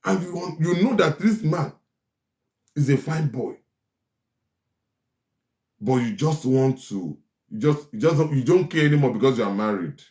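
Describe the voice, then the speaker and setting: The relationship-advice host here has a fairly high, darkish, expressive voice, speaking at normal speed but leaving long pauses. He is emphatic and preachy, repeating lines for stress, and his words echo around the room.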